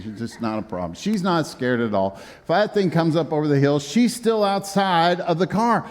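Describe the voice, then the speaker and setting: A man's voice: fairly high pitch, a little mellow. A man preaching a sermon as a pastor, telling folksy, humorous stories to his congregation. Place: church sanctuary. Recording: long reverb of a church hall.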